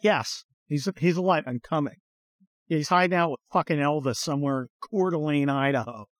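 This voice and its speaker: A man's voice: fairly high pitch, moderate pace, no echo. A man hosting a podcast from inside a car, giving blunt, profane opinions in a rambling, casual way with lots of fillers. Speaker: podcast host.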